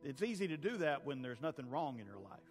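Fervent male preacher with soft music. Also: mid-range voice, very animated, fast talker. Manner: swings from hushed pleading to loud fervent peaks. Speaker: pastor. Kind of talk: sermon. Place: church sanctuary with a congregation.

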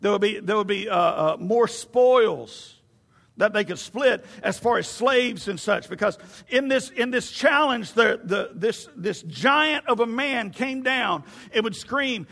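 Brief: lively male preacher, high bright voice, long echo of a church hall. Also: unhurried, gravelly. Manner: animated, storytelling with stammered restarts. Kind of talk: sermon.

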